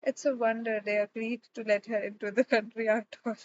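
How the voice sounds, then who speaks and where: A woman's voice: a little high, level tone, brisk, lo-fi sound, slight background noise, lightly acted. A woman reading the part of a sly, mocking young man in an audiobook. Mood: teasing. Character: brash teasing young man, older brother.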